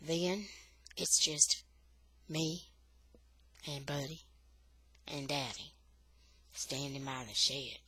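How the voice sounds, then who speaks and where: Woman reader, expressive storyteller for a children's novel, bright voice. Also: sits low, takes it slowly, pauses often, slightly rough, rough recording. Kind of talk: reading a children's novel aloud.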